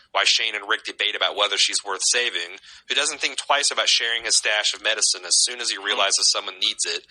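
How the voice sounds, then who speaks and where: Podcast guy, lowish voice but super bright and punchy, opinionated chat. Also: low-quality recording. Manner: opinionated, reads listener comments aloud. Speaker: podcast co-host. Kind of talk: casual chat.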